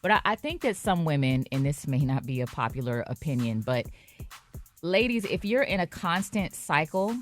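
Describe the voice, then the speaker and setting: A woman co-hosting a radio show, measured and framing her opinions with care. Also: low voice. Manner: measured, frames opinions carefully. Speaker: radio co-host.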